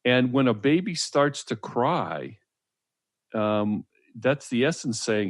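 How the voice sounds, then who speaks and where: A man's voice: medium pitch, lively intonation, slow pace, dry recording. A man co-hosting a talk radio show, explaining earnestly with frequent fillers. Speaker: co-host.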